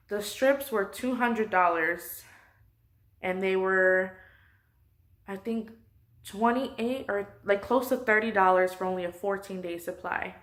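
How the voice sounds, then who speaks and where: A woman's voice: mid-range voice, fairly bright tone. A woman close to tears, venting her frustration in a personal vlog from her couch at home. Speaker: vlogger.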